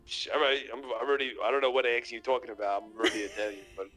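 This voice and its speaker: A man roleplaying on a game call, talking in a flat, matter-of-fact way. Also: medium pitch, very fast, low-quality recording. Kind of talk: casual in-character roleplay chat. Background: faint music.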